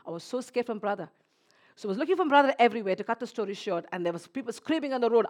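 A woman preaching a sermon, swinging from hushed, near-whispered lines to loud, excited exclamations. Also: a little high, fast.

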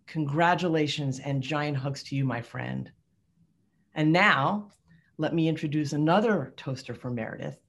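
A woman giving a prepared, heartfelt tribute toast to a colleague at an awards event. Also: sits low. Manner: heartfelt and rhetorical.

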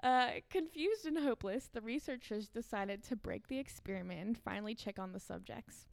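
A woman's voice: on the high side, normal speed, vocal fry, no echo. Laughing woman reading a creepy story. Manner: reads aloud with frequent laughter and fillers. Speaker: podcast co-host reading the story. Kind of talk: casual podcast chat, reading aloud.

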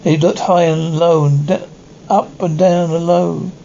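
A man narrating a classic short story, halting and often restarting his sentences. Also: fairly high pitch, steady tone, gravelly, dark tone. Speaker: audiobook reader. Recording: dull, slightly noisy recording.

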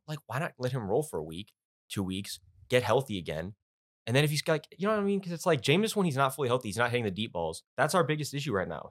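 A young man co-hosting a sports podcast, rambling and restarting as he talks things through. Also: medium pitch. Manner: rambling, restarts often, animated. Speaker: podcast co-host. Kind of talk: casual sports chat.

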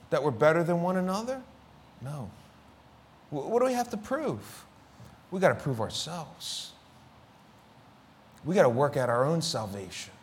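A man's voice: on the high side, slight background noise. A male pastor preaching a sermon, asking rhetorical questions and repeating key phrases for emphasis.

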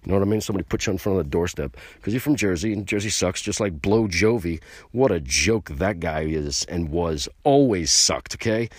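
Low-voiced dude ranting on his podcast, bragging and swearing, gets loud, dead dry sound. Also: expressive, fairly quick, no echo. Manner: brash, boastful and profane; gets louder and higher when worked up. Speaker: podcast host.

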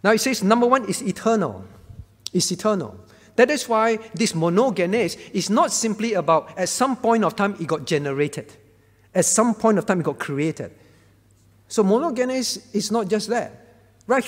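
A man's voice: high voice, expressive, moderate pace. A male pastor teaching through Bible questions, repeating key phrases and checking in with listeners. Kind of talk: teaching Q&A talk. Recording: long reverb hall.

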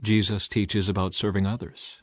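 A man giving an expressive, dramatized reading of scripture. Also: fairly low pitch, moderate pace, no room sound, studio quality. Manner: expressive reading with a lively rise and fall. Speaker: scripture reader.

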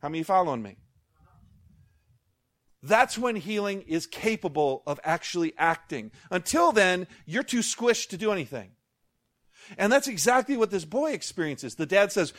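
A man preaching a sermon as pastor, animated, with jokey asides and call-outs to the congregation. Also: sits high, normal speed.

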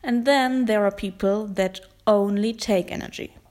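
A young woman hosts her own podcast with a noticeable German accent. She talks slowly and thoughtfully at a middle pitch, pausing often to find her words. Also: a little mellow. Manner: slow, thoughtful, pauses and hesitations. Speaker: podcast host. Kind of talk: casual solo podcast talk.

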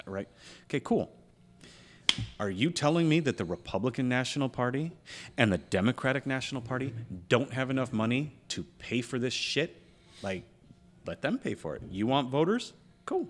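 A man's voice: mid-range voice, lively intonation, normal speed. A man co-hosting a casual podcast chat, ranting heatedly and swearing freely as he argues his opinions. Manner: parent of a school-age child. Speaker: podcast co-host.

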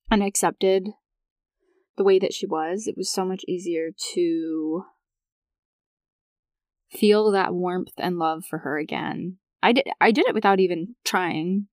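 A woman's voice: on the low side, no echo. A young woman talking casually in a personal podcast monologue, chatty, with frequent laughs and fillers. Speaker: podcast host.

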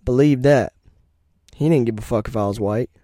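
A man's voice: mid-range voice, moderate pace, dark tone, no room sound, clean studio sound. A young man telling personal stories as a podcast host, in a blunt, profane and rambling way. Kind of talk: casual storytelling monologue.

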